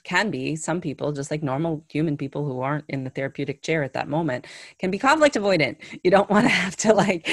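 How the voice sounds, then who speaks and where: Low, gravelly-voiced woman interviewer. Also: dry recording, studio quality. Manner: thoughtful, searching, reflective. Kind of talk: conversational podcast interview.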